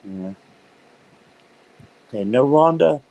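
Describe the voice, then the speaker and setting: A man's voice: medium pitch, lively intonation, slow, darkish tone, poor audio. Chatty man hosting a tarot live stream. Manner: chatty and upbeat, laughs often while talking; talks directly to viewers by name. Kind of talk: casual live-stream chat and card reading.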